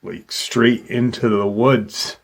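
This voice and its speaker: Slow, halting man retelling a story. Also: lowish voice, steady tone, gravelly. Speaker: host retelling a witness account. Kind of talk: casual storytelling.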